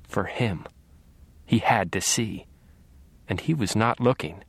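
Slow, low-voiced male audiobook narrator. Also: expressive, vocal fry, slightly rough, dry recording. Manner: quiet, menacing, measured delivery. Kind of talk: first-person audiobook narration.

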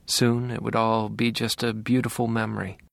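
A man's voice: fairly low pitch, level tone, normal speed, creaky, no room sound. A man reading an audiobook in first person with a wry, detached manner. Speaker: audiobook narrator.

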